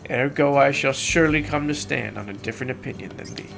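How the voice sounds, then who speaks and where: A streamer reading out the lines of a solemn courtly game character who speaks in old-fashioned, formal English, in a grave and measured way. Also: medium pitch, vocal fry, fairly bright tone. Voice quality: archaic, formal phrasing. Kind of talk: reading game dialogue aloud.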